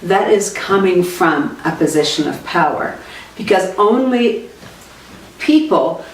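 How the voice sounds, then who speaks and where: Low-voiced woman in a roomy space. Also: animated, takes it slowly, slight background noise. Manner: reflective, conversational, with self-corrections. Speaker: sales trainer. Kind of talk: podcast monologue. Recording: roomy, distant from the mic.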